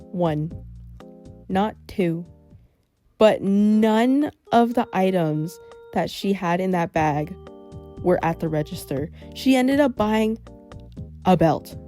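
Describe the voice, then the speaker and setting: A woman's voice: mid-range voice, dark tone. A young woman narrating a storytime vlog in a wry, sarcastic way. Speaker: vlogger. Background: faint background music.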